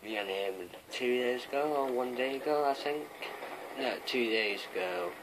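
A man's voice: mid-range voice, moderate pace. A man from Wales giving rambling, casual commentary while playing an online shooter, often swearing at other players. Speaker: gamer. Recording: game sounds and noise behind.

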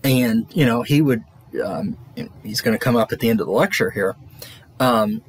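A man's voice: medium pitch, moderate pace, a little hiss or hum. A man lecturing a college class, rambling with many fillers and restarts.

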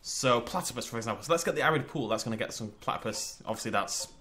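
Lively northwest English gamer man. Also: mid-range voice, fast. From northwest England. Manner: chatty, exclaiming, talks to himself while playing. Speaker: gaming channel host. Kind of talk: let's play commentary.

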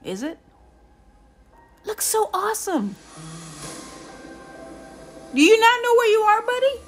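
A woman streamer giving excitable, exclamatory live reaction commentary. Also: very high-pitched, slow, faint music behind.

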